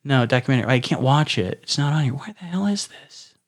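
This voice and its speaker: A young man hosting a satirical solo comedy show, talking in a crude, sarcastic, deadpan way. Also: medium pitch, brisk. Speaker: podcast host.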